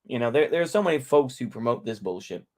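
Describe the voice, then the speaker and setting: A man's voice: medium pitch, expressive, fast, a little mellow. A middle-aged man from North Texas talks on his own livestream in a loose, rambling way. He cusses freely and keeps repeating himself between asides. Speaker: livestream host. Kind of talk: casual livestream rant.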